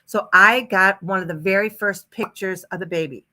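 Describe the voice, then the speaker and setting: A woman talks as a guest on a casual podcast, spinning stories with easy enthusiasm. Her voice is bright and forward, and she sits at a middling pitch. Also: normal speed. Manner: chatty, enthusiastic storyteller. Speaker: guest, hypnotist and mentor.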